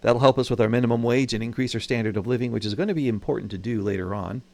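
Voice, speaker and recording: A man's voice: mid-range voice, very fast, creaky, darkish tone. Chatty man narrating a strategy game. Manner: chatty, wry, thinks aloud. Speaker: gaming channel host. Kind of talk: casual gameplay commentary.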